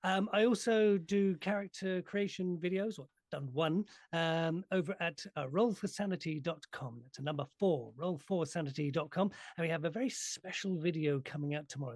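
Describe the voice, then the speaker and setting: A man co-hosting a game stream, chatting casually, hesitant with pauses, teasing lightly. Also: on the high side, dry recording, studio quality. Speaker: co-host. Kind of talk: casual chat.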